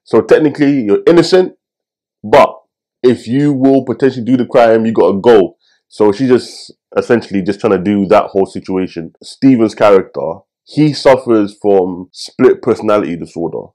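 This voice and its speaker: Low mellow-voiced man ranting casually. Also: normal speed. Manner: animated, swearing, jokey asides. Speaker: film review host. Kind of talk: casual review rant.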